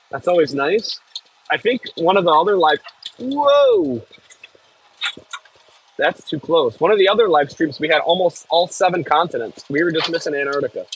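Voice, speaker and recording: A man from the United States talks through a live stream from a rattling machine cab, bantering with chat in an animated, bouncing voice. His pitch sits a touch high for a man. A faint outdoor hum runs underneath. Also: rough recording. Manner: chatty, reads viewer chat aloud, swears when jolted. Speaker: livestreaming equipment operator. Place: cab of a heavy machine bouncing over frozen ground outdoors.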